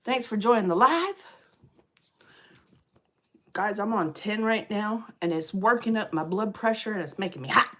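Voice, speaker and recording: A middle-aged woman chatting on a livestream, telling stories in a lively, fired-up way and greeting viewers by name. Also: mid-range voice, normal speed, long pauses. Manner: animated storyteller, gets loud and fired up. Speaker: livestream host. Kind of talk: casual livestream chat.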